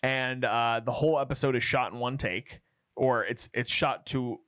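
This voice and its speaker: A man co-hosting a casual TV review podcast, animated and retelling scenes with swearing. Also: mid-range voice, moderate pace, smooth, no room sound. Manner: animated, acts out scenes with profanity. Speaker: podcast co-host.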